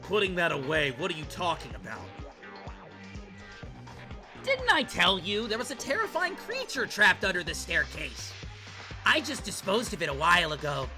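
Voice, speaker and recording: A man's voice: high-pitched, wildly swooping pitch, moderate pace, long pauses, over music. A man voicing a smug young male game character who taunts his trapped classmates. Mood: taunting. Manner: taunting, dismissive.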